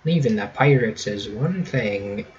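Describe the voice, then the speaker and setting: A man's voice: lowish voice, lively intonation, measured pace, lo-fi sound, a little hiss or hum. Game character in a put-on Irish brogue, hammy and mock-stern, voiced by a man reading along.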